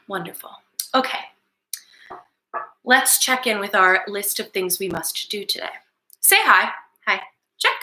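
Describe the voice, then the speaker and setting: A young woman leading a circle time lesson for small children, soft and encouraging, with slow spoken affirmations. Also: medium pitch, roomy sound, rough recording.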